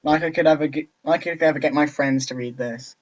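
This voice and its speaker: A man's voice: on the high side, steady tone, fast, natural voice. A man voicing a brash, touchy teenage schoolgirl in a put-on American accent, snapping and defensive as he reads a visual novel aloud. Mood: grumbling. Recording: dull lo-fi recording.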